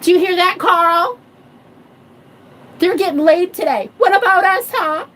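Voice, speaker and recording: A woman's voice: very high voice, lively intonation, measured pace, a bit bright, pitched above the performer's own voice, exaggerated voice. A woman voicing a nosy, jealous churchgoing woman who talks in a snippy, gossiping way. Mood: gossipy.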